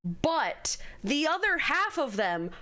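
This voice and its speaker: A young woman streamer rants about what she's watching, blunt and full of swearing. Her voice sits high and swings widely, and she takes her time between words. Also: big pitch swings, slow, sharp tone. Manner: blunt, profane, ranting and exasperated. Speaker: streamer reacting to a game show. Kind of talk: livestream reaction rant.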